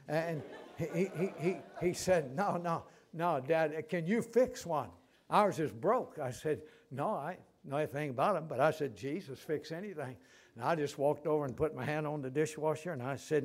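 A man's voice: on the high side, moderate pace, slightly rough. An older man preaching a sermon, telling stories and repeating phrases for emphasis.

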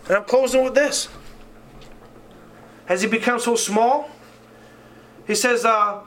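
A man's voice: sits high, normal speed, a bit bright, recorded from a distance, poor audio. A man preaching a sermon, fervent and full of rhetorical questions, reading scripture aloud.

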